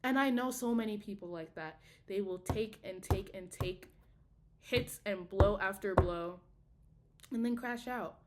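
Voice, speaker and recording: A woman's voice: mid-range voice, measured pace, slight background noise. A young woman, a college student, talking heatedly and profanely in a casual video diary. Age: young adult. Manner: heated, profane, emphatic ranting.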